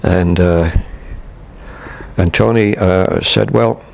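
An older man from Canada, a veteran stage actor, recalling his career in an interview with halting restarts and chuckles. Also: deep voice, animated, gravelly, husky. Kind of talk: reminiscing interview.

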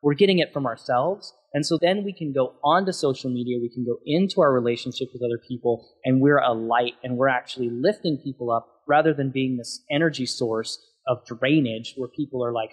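A man's voice: mid-range voice, fairly even intonation, a little fast, hardly any pauses, slightly rough. A man speaking as a guest on an interview podcast, passionate and emphatic as he talks through his thoughts.

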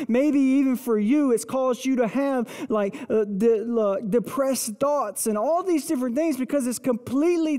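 A pastor preaching with a mellow, rounded tone, telling the scripture story vividly and sinking to a hushed intensity at key moments. The voice rings out in a church hall with a long reverb tail. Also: medium pitch. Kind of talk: sermon. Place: church sanctuary.

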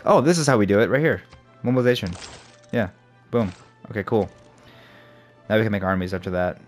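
A man's voice: lowish voice, fairly quick. A young man giving casual let's play commentary, thinking aloud and swearing as he plays. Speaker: gamer. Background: faint game music.

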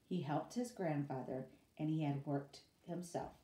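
Slow, expressive woman reading a story aloud. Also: low-pitched. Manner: expressive, pausing for students' questions. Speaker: teacher. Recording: roomy, from away from mic.

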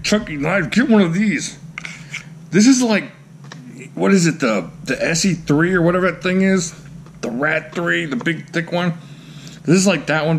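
Excitable man gushing over his collection. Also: on the high side, slight background noise. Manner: excitable, gushing exclamations and goofy jokes. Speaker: knife collector, channel host. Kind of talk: casual show-and-tell vlog.

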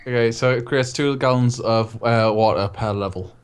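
A man's voice: medium pitch, fairly even intonation, moderate pace, smooth. A man playing a tabletop game in casual chat, chatty and full of questions. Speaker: player.

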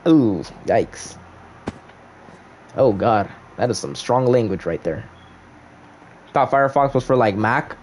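A man's voice: medium pitch, expressive, slow, pauses often, slight background noise. Playful young man streaming a game. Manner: playful slang-heavy banter, jumps between loud outbursts and mock-solemn murmurs. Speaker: gaming livestreamer. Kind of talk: casual livestream commentary.

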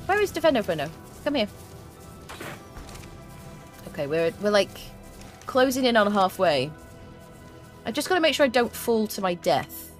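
A young woman streaming a video game, chatting excitably to the creatures and her viewers as she plays. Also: medium pitch, normal speed, long pauses. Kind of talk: let's play commentary. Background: faint game music.

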